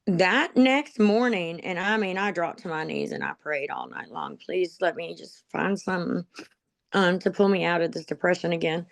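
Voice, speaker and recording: A woman's voice: on the low side, gravelly, no echo. A woman being interviewed, telling her own life story in a rambling, emotional way with many ums and laughs at herself. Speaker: interviewee, dog program graduate. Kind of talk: personal testimony, conversational storytelling.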